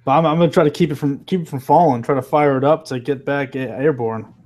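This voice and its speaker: A man's voice: medium pitch, steady tone, quick pace, darkish tone. A man playing a tabletop game, thinking aloud hesitantly about his next move. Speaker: player.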